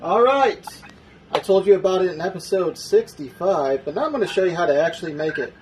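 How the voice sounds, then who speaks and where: Joking man, slightly high voice. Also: lively intonation, fairly quick, a little mellow, slight background noise, low-quality recording. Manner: loose, joking, walks through a drink recipe. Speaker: podcast co-host. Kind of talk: casual podcast chat.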